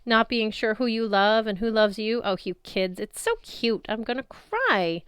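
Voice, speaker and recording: Lady doing a gushy love goddess, breathy, drawn out, high and smooth, dry close audiobook sound. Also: lively intonation, measured pace, fairly bright tone, no echo. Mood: gushing. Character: vain, gushing goddess of love, woman. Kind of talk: audiobook reading.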